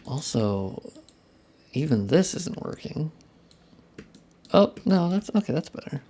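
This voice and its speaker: A man's voice: fairly high pitch, big pitch swings, takes it slowly, dark tone. A young man chatting casually on a live stream while he works, muttering and swearing at his tools and joking with viewers. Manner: profane, self-deprecating muttering to chat. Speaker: modding streamer.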